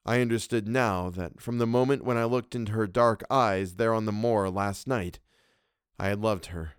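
A man's voice: lowish voice, moderate pace, clear, resonant tone, no room sound, clean studio sound. Man narrating a classic story. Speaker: podcast narrator.

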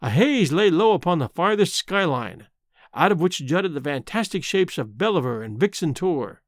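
A man reading a classic novel aloud in a measured, storytelling voice. His pitch rides fairly high and moves in lively arcs. The recording is close and dry, with no room sound. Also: no echo. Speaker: audiobook narrator. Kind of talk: scripted narration.

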